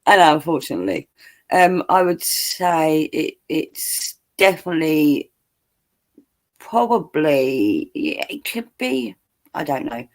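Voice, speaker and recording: A man's voice: on the high side, sing-song, slow. A man with a southern English accent in casual chat on a stream, jokey and laughing often. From southern England.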